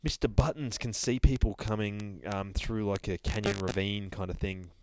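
A man's voice: on the low side, fairly even intonation, normal speed, darkish tone, a little hiss or hum, rough recording. A man hosting a podcast, casually retelling a comic in a rambling, profane, laughing way. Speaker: podcast host reviewing a comic.

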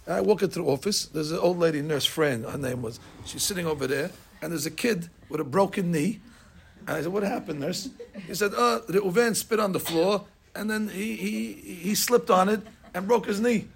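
Gravelly older man telling a lesson story. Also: high-pitched, moderate pace. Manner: animated, acts out dialogue, laughs at his own story. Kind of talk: storytelling sermon.

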